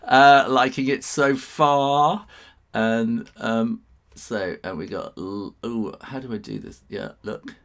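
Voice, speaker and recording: A man's voice: medium pitch, takes it slowly, creaky. A middle-aged man, hosting a casual live drawing stream and chatting with viewers in a rambling, chuckling way. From England.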